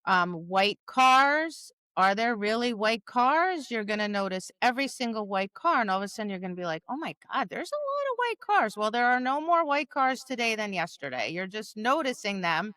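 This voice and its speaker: A woman's voice: mid-range voice, expressive, normal speed, few pauses, bright, forceful tone, clean tone, no echo. A woman co-hosting a podcast as a dog trainer, talking in an emphatic, casual way that acts out quotes. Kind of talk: casual conversational chat.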